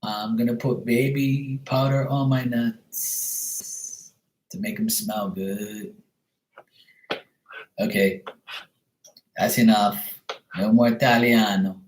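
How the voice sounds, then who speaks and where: A man's voice: fairly low pitch, fairly even intonation, slow, long pauses, reverberant, a little hiss or hum. A man hosting a casual livestream chat, talking in a joking, crude, rambling way. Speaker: livestream host.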